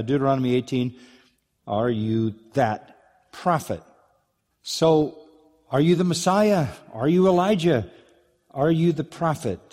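A man preaching an earnest, emphatic expository sermon in a slightly higher voice than most men. His words ring out with the long reverb of a large hall. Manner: earnest, emphatic, acts out quoted lines. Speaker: pastor.

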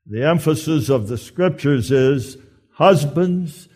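A man preaching a sermon in an earnest, emphatic way with deliberate pauses. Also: on the high side, animated, darkish tone.

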